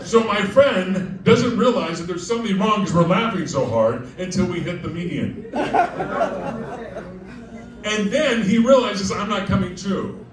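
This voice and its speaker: High-voiced man telling a laughing story. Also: animated, a little slow. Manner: chatty, digressive, often laughing mid-sentence. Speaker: cabaret performer. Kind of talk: live comic storytelling. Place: club stage with diners. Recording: echoey live room, distant mic, crowd noise.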